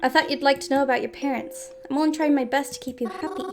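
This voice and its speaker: A shadowy stranger in a dark story game gives short, cryptic answers in a low, quiet voice, as a woman reads the lines. Every reply dodges the question. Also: fairly even intonation, fast, music in the background, natural voice. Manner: terse, cryptic. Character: mysterious, evasive stranger sending texts.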